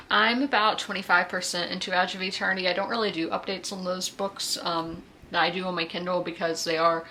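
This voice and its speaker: A woman's voice: lowish voice, gravelly, sharp tone, slight background noise. A woman in her twenties from South Carolina, chatting casually in a reading vlog, rambling with restarts and asides. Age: 20s. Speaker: book vlogger.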